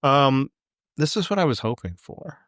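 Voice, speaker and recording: Canadian guy rambling on his podcast, dry close mic, middle pitch. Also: expressive, fairly bright tone, no echo. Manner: rambling, quick asides and restarts. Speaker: podcast co-host. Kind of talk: casual chat.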